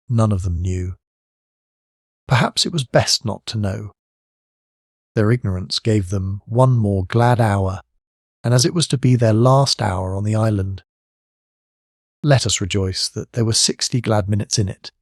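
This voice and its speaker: A man narrating a classic children's fantasy audiobook in measured storytelling. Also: fairly low pitch, no echo, studio quality. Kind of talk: scripted narration.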